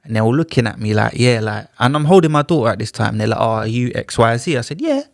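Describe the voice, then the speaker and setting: A man speaking at a middle pitch, recounting his story to a podcast host in easy street slang. He acts out what others said with lively little shifts of voice. The sound is close and dry, with no room around it. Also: quick pace, creaky, dry recording. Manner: animated, slangy retelling with acted-out dialogue. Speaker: podcast guest. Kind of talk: casual storytelling. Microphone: studio podcast mic.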